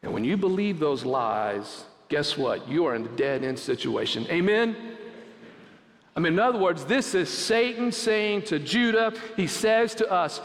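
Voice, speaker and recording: A man's voice: on the high side, animated, measured pace. A male pastor preaching a sermon, building to emphatic peaks and acting out quoted taunts. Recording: long hall reverb.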